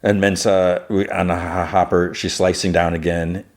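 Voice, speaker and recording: Male podcast host, deep voice, chatty rambling recap. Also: little pitch movement, moderate pace. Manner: rambling, retelling scenes with "he's like". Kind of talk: casual episode recap.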